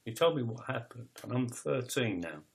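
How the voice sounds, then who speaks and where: A man in his fifties pours out a personal confession about his own life. His talk is raw and emotional, with stumbling restarts, repeated words and blunt swearing, and his pitch sits at an ordinary middle level. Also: expressive, moderate pace, creaky, slight background noise. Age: 50s. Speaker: poet telling his life story.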